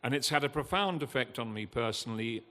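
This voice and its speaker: An older man, giving an impassioned, earnest talk from a festival stage, halting with fillers now and then. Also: medium pitch, expressive, sharp tone. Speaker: guest speaker at a festival. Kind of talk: emotional public talk. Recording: long hall reverb.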